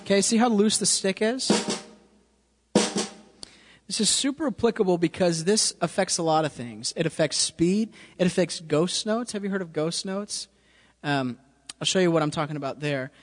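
A man with a high-pitched voice teaches drums casually at normal speed, regularly checking in with "okay?" Loud music sits behind his voice in a reverberant room with drums playing.

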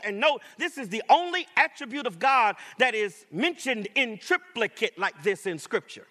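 Male pastor, high bright voice, measured sermon delivery with emphatic repetition. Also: animated. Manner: emphatic preaching with repetition and rising declarations.

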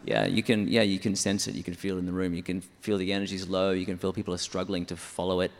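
A man's voice: sits low, flat delivery, fast, vocal fry, long reverb tail. A man who writes songs for church, explaining his method step by step in an interview. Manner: methodical, explanatory, counts syllables aloud. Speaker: church songwriter.

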